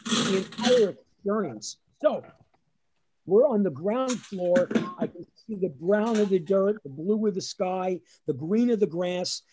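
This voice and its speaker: A man's voice: high voice, measured pace, background noise. Man telling a comic childhood story. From New Jersey. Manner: animated storyteller acting out his dad's voice. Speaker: lawyer and comedian. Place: at home on a webinar. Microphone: video call.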